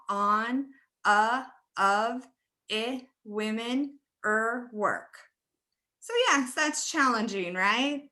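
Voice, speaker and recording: A woman's voice: fairly high pitch, sharp tone. A woman presenting a webinar training for teachers, friendly and laughing often as she demonstrates word stress.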